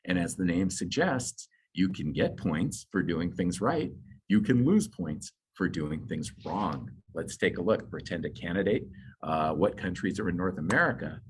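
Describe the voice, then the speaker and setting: A man's voice: low-pitched, expressive, moderate pace, slightly rough, rough recording. A man lecturing on exam scoring in a conversational way, with asides and fillers, his voice slightly going. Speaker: nursing exam instructor. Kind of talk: explanatory lecture.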